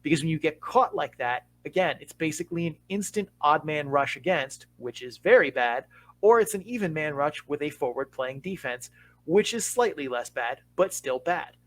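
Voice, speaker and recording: A man co-hosting a podcast, calmly explaining hockey tactics with measured, deliberate emphasis. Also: fairly high pitch, low-quality recording. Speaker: podcast co-host, hockey analyst. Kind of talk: casual podcast analysis.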